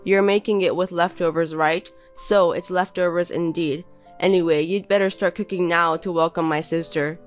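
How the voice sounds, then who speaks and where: A woman's voice: lowish voice, fairly even intonation, moderate pace, soft background music, natural voice. A woman voicing a contemptuous young husband who belittles and bosses his wife in a text-message story. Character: scornful insulting young husband.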